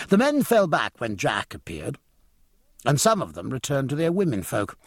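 Gravelly, expressive male narrator. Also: medium pitch, no room sound, clean studio sound. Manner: expressive, measured storytelling. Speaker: audiobook narrator. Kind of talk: scripted narration.

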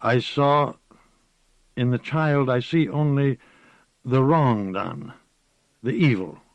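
A defeated old wizard who talks quietly, slowly and haltingly, each word heavy, as a male narrator plays him. The sound is dry and close, a little dull in tone. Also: no room sound. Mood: weary. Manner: speaking very low, halting. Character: broken, weary older wizard man. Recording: slightly muffled recording.

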